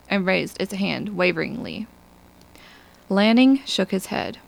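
A woman reading an audiobook in a measured, even storytelling manner. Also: mid-range voice, gravelly, rough recording. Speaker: audiobook narrator. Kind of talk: scripted narration.

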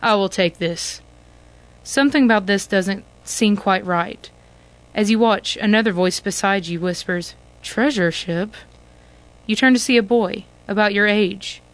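A woman telling a second-person interactive adventure story in a clear, measured storybook delivery. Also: mid-range voice.

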